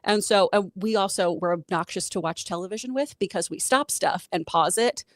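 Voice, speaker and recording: A woman on a talk show lays out her points in an articulate, teacherly way. Her voice sits at an ordinary pitch, and the sound is dry and close to the mic. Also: brisk, no room sound. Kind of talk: casual chat.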